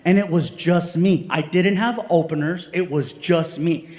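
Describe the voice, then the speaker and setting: A man telling stand-up stories to a live audience, animated and acting out voices of the people in them. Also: fairly high pitch, measured pace. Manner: animated, acts out voices of kids and adults. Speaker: stand-up comedian. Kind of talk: stand-up storytelling. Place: large comedy venue with live audience. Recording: stage mic, roomy with loud crowd.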